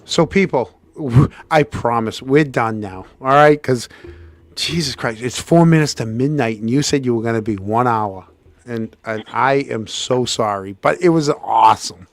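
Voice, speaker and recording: A man's voice: moderate pace, no room sound. A man hosting a podcast, telling a long story in casual chat and acting out every quote. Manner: animated storyteller, acts out quotes with big pitch jumps. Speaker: podcast host.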